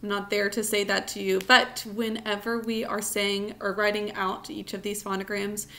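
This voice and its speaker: A woman teaching a recorded spelling lesson, sounding out words slowly, syllable by syllable, for students at home. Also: medium pitch, level tone, pushed and bright.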